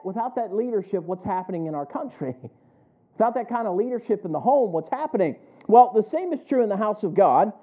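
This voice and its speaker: A man preaching a sermon as pastor, asking the congregation rhetorical questions. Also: sits high. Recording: phone-like narrow band.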